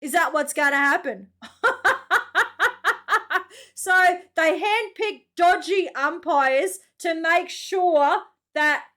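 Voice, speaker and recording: A woman's voice: very high-pitched, takes it slowly, fairly bright tone. An Australian woman hosting a reaction video, talking casually and exclaiming often in slangy chat.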